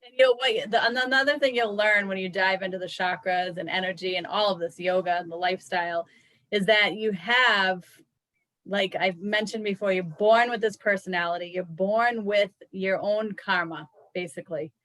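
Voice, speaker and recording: A woman's voice: medium pitch, normal speed, a bit bright, no echo, low-quality recording. Thoughtful woman, dry close sound. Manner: thoughtful, restarts sentences, many "like"s. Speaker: yoga teacher co-host. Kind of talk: casual chat.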